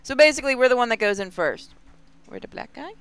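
A man's voice: very high voice, lively intonation, fast talker, fairly bright tone, clear, resonant tone, dry recording. A man hosting a casual let's-play video, chatting and reacting aloud as he plays a game. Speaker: gaming video host.

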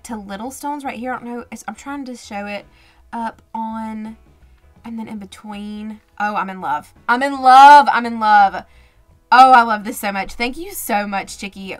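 A woman hosting a budgeting vlog, chatting casually while unboxing and gushing with gasps and little exclamations. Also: on the high side. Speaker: budgeting channel host. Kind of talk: casual unboxing chat to camera.

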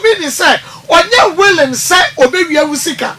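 A woman's voice: very high voice, expressive, normal speed, sharp tone, slight background noise. A Ghanaian woman hosting a radio call-in counselling show, asking pointed, probing questions. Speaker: radio host.

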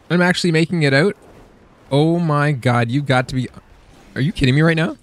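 A man's voice: a little high, brisk, pauses often, no room sound. A man streaming a game, talking casually to his viewers with a lot of swearing and frequent laughter. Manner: excitable, profane, laughs often. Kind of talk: casual gameplay commentary.

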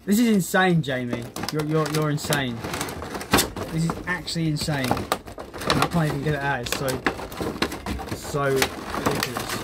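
Excitable man swearing happily. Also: fairly high pitch, unhurried, long pauses, very noisy. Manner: excitable, swears a lot, laughs often. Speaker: YouTuber. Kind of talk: casual unboxing vlog.

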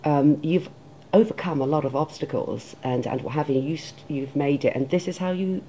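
A woman's voice: sits low, moderate pace, warm tone, slight background noise. A woman hosting a TV lifestyle show, chatty and playful, with frequent hesitant fillers. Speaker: TV show host. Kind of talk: TV interview chat. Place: TV studio.

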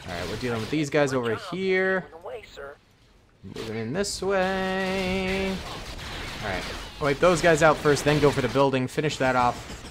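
A man hosting a gaming channel, giving casual commentary on a strategy game and reacting out loud to the action as he plans. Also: on the high side, measured pace, pauses often, background noise. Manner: excitable, reacts aloud to the action, casual slang; thinks aloud with fillers while planning.

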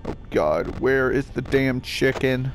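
A man's voice: medium pitch, animated, slow pace, a little hiss or hum. A young man giving panicky let's-play commentary, swearing and talking to the game characters. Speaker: gaming youtuber.

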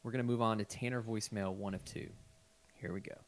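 Guy hosting a podcast, lowish voice, chill chat, laughs a lot. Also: fairly even intonation, fast talker. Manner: hosts the segment, reads out voicemails and laughs easily. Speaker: podcast host. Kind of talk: casual chat.

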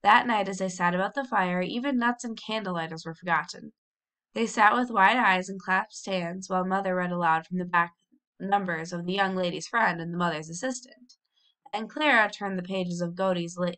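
A woman reading a children's novel aloud as a storybook narration, lively, with brief cheerful voices for the characters. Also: on the low side, normal speed. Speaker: audiobook reader.

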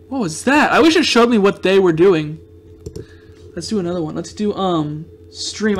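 A man giving casual let's-play commentary on a video game, reacting excitably with loud outbursts of frustration. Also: high voice. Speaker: gameplay commentator.

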